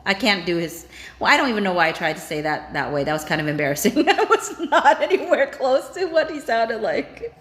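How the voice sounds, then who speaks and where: A woman's voice: medium pitch, sing-song, brisk. A woman hosting a casual livestream, reading viewer comments aloud and reacting with chatty asides. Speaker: livestream host. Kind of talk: casual live-chat reading. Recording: roomy echo.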